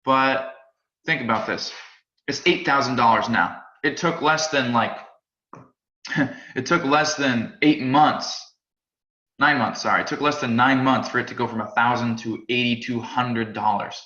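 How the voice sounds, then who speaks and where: Energetic male instructor, chatty, stumbles and repeats words, forceful tone, roomy recording. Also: mid-range voice, a little slow. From United States. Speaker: crypto trading instructor. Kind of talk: live class presentation. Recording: roomy, slightly dull sound.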